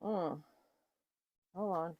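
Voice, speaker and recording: A woman's voice: fairly low pitch, extremely slow, highs cut off, noisy background. A woman giving a casual, rambling tarot reading to her viewers, full of fillers and restarts. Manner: chatty, rambling, with fillers and self-corrections. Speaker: tarot reader.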